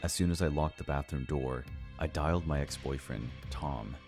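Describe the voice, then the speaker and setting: Very deep-voiced man narrating a horror story. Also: normal speed, darkish tone. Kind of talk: scripted first-person horror narration. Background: faint background music.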